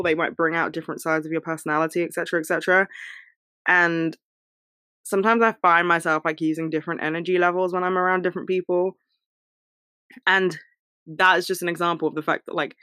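Young woman rambling advice into the mic, lots of likes, voice goes squeaky when she gets worked up, dry sound. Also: no room sound. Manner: chatty, many fillers, voice jumps high when excited. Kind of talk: casual advice monologue.

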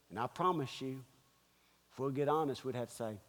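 A man's voice: mid-range voice, fairly quick, pauses often, a bit bright, in a large hall. A man preaching a sermon as pastor, firing off emphatic rhetorical questions. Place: church.

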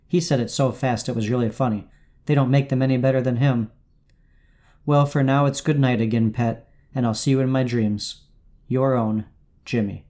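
Mellow-voiced man reading letters aloud. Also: medium pitch, steady tone, fairly quick.

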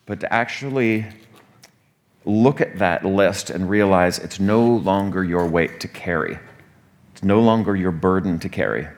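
Low-voiced man preaching conversationally. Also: a little slow. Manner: conversational teaching, frequent "right?" asides. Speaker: pastor. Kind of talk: sermon.

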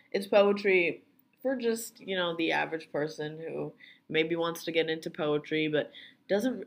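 A woman's voice: low-pitched, creaky, fairly bright tone. A young woman co-hosting a podcast, blunt and sardonic in casual opinionated chat, with lots of "like". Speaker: podcast co-host.

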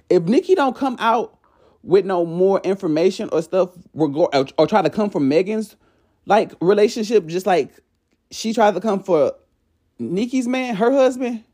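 Podcast host, casual gossip chat, lively swooping voice, profane, laughing a lot. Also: medium pitch, breathy edge. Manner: animated, profane, laughs often. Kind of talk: casual late-night gossip and card-reading chat. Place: home.

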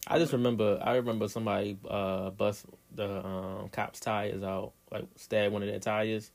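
A man with a fairly low voice talking in an easygoing chat. He works through his points in a reflective way and keeps checking in with the others. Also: little pitch movement, normal speed, gravelly. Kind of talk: casual chat.

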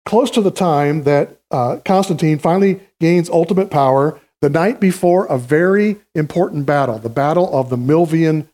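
Guy preaching on a church stage, kinda higher voice, chatty, lots of uh's, bringing folks up to act stuff out. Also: moderate pace, few pauses, mellow. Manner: conversational teaching, staging volunteers on stage. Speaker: pastor. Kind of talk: sermon.

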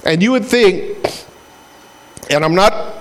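A man's voice: sits high, lively intonation, takes it slowly, a little hiss or hum. A middle-aged man from Hawaii preaching a casual, conversational sermon, retelling a story with sound effects and repeated words. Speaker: pastor.

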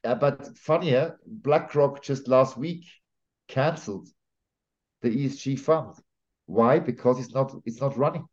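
Mellow-voiced man, emphatic guest. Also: mid-range voice, unhurried. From Switzerland. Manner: emphatic, opinionated, with frequent fillers and restarts. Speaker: podcast guest. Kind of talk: conversational interview. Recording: slightly dull lo-fi audio.

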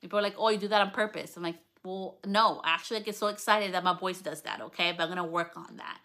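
A woman in her thirties talks straight into the mic on her own podcast, candid and unfiltered, with the odd swear. Her voice sits a little low but rings bright and forceful, and it leaps up whenever excitement takes over. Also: fast. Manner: candid and excitable, swears freely, pitch jumps up when excited. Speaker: podcast host. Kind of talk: casual solo podcast monologue. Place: lounge at home.

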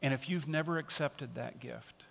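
A man's voice: medium pitch, moderate pace, gravelly. A man preaching a sermon as pastor, earnest and emphatic, repeating key phrases for stress. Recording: long reverb of a large hall.

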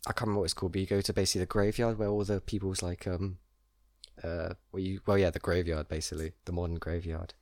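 Man, casual rambling chat, lowish voice, dry close sound. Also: flat delivery, fast talker, darkish tone, no room sound. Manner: rambling, laughs often, frequent fillers. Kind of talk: casual chat about a video game.

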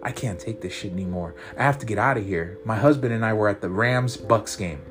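A man's voice: fairly low pitch, brisk, over music, lightly acted. A man voicing a weary, frightened married woman held captive, her voice bitter and muffled. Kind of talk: audiobook character voice.

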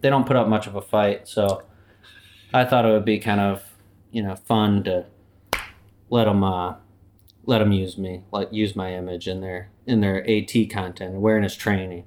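A man's voice: fairly low pitch, little pitch movement, moderate pace, darkish tone, a little hiss or hum, lightly acted. A man playing a boastful, swaggering personification of human error in a comedic interview. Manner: swaggering, boastful, laid-back. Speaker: company anti-mascot guest.

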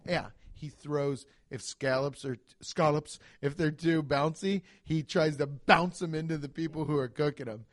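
Man, casual comedic chat, fairly high voice, animated, swearing. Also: moderate pace, hardly any pauses. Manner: animated storytelling, swears freely, jumps into impressions.

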